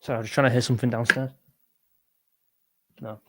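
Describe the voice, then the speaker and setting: A man's voice: medium pitch, level tone, fairly quick, bright, forceful tone, a little hiss or hum. Chatty young man streaming. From England. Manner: rambling, chatty, self-interrupting. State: tired voice. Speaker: music livestream host. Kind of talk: casual livestream chat reading comments.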